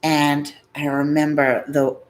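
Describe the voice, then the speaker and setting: A woman's voice: low-pitched, little pitch movement, slow, slight background noise. A middle-aged woman from Massachusetts hosting a live-stream, chatting casually and rambling through stories while reading viewer comments. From Massachusetts, USA.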